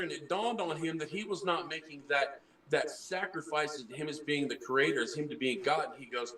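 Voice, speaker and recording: A man's voice: a little high, brisk, fairly bright tone, echoey room, far from the mic, low-quality recording. A man who trained as a preacher, earnestly explaining things in a casual group chat and often restarting his words. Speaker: former preacher.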